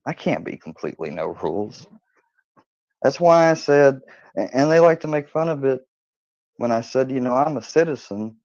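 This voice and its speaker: A man's voice: medium pitch, lively intonation, normal speed, pauses often, darkish tone, dry recording. A man hosting his own channel, telling rambling, profane stories in a casual monologue and laughing often. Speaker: channel host. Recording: dull lo-fi dry recording.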